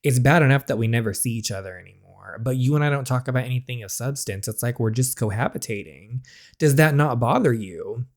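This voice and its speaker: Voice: medium pitch, a little fast, a little mellow, natural voice. A game reader voicing a frustrated, sarcastic young wife from a story game, in a near-everyday voice. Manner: sarcastic, pointed.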